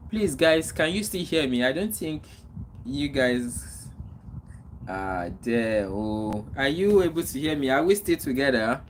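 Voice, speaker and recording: A man from Nigeria with a Nigerian accent hosts a casual livestream, answering viewers' comments and giving repetitive, preachy advice, coughing and clearing his throat often. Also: medium pitch, a little hiss or hum, low-quality recording. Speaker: livestream host.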